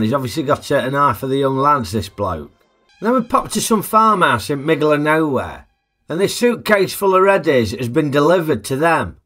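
A man's voice: fairly high pitch, a bit bright. A man giving a chatty, jokey film review full of tag questions. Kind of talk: casual film review narration.

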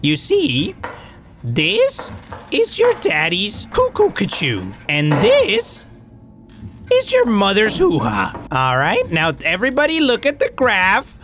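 A man's voice: sits high, wildly swooping pitch, takes it slowly, a bit bright, exaggerated voice. A man voicing a crude, scolding female schoolteacher in a mock-lecturing tone.

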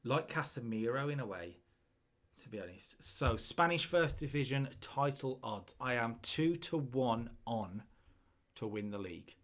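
Relaxed man in his twenties. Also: medium pitch, a little slow. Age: 20s. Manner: reads out in-game stats and odds, relaxed. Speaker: co-host of a video game series. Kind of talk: casual gaming chat.

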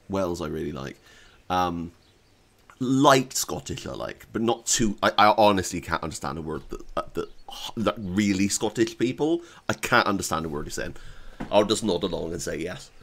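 A gaming YouTuber from Bath with a West Country English accent, chatting in a rambling, self-deprecating way over gameplay. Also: male voice, deep voice, a bit bright. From Bath, England. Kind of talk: casual gameplay commentary.

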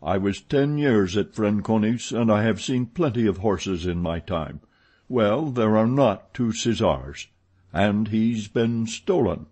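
A man's voice: fairly low pitch, husky, exaggerated voice. A man doing a dry, blunt stable master. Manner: flat, dry, measured delivery. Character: gruff male head groom, blunt and dry.

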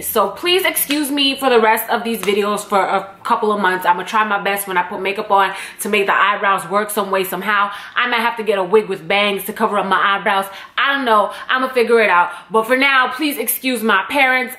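Rambling young woman, bright echoey voice. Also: mid-range voice. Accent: Jamaican-tinged English. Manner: rambling, chatty, blunt and profane. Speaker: YouTuber. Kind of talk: casual direct-to-camera vlog. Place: her home condo. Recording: echoey room.

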